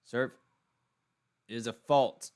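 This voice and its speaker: Calm Texan man calling tennis play-by-play. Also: medium pitch, extremely slow. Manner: calm play-by-play with brief asides. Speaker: tennis commentator. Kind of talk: live solo watchalong commentary.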